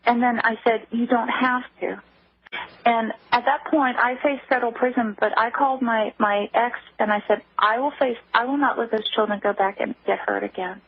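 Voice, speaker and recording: A woman guest speaking on a phone line in a radio interview, halting, with many restarts. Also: a little high, steady tone, creaky, breathy edge, dry recording. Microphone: telephone. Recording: tinny phone line, dry.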